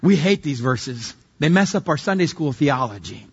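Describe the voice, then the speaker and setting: A man's voice: fairly high pitch, big pitch swings, moderate pace, breathy edge, highs cut off. A male pastor preaching a sermon in a conversational, humorous way, acting out little scenes as he goes.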